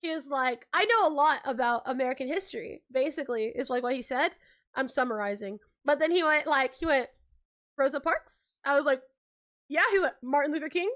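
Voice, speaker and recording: A woman's voice: sits high, a little fast, fairly bright tone. A young woman from California chatting casually on a livestream, telling stories with lots of "like", acting out quotes and laughing often. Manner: says like a lot. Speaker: livestream host.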